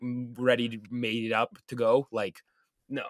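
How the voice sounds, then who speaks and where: A man's voice: medium pitch, level tone, unhurried, no room sound, clean studio sound. A man on a podcast in casual chat, laid back, with many fillers and some swearing. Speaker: podcast co-host.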